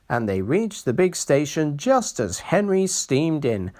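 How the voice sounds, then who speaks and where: Storybook reader, slow and careful, very animated pitch, expressive. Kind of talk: children's storybook read-aloud.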